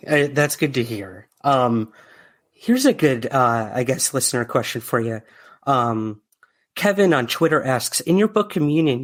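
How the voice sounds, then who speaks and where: A man hosting a podcast interview, asking questions in a friendly way with many fillers, and reading out listener questions. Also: mid-range voice. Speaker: podcast host.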